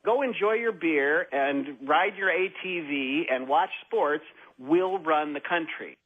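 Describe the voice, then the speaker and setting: A man putting on the voice of a smug, dismissive political opponent, slow and husky. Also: fairly high pitch, narrow, tinny audio. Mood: condescending.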